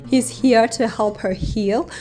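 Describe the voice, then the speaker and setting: A woman hosting an astrology channel, explaining a couple's chart in an unhurried way, often adding "you know" and "right?" as she talks. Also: a little high, fairly even intonation, warm tone. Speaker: astrologer host. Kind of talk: explanatory astrology reading to camera.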